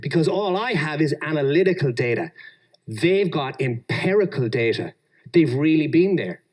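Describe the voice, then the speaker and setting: A man's voice: on the high side, normal speed. An Australian man giving a talk on engineering leadership, telling workplace stories and acting out the people in them. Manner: animated, acts out quoted people. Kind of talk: storytelling conference talk.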